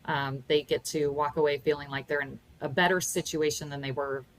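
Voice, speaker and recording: A woman's voice: low voice, flat delivery, a little fast, rough recording. A woman guest on a business podcast, speaking in a friendly, plain way about her team's services. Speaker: podcast guest, finance practice co-manager. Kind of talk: casual interview chat.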